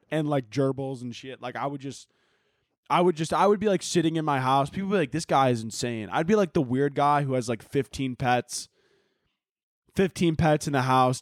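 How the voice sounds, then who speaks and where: A man's voice: medium pitch, no echo, clean studio sound. A young man hosting a podcast, rambling through casual, profane, jokey chat and laughing often. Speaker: podcast host.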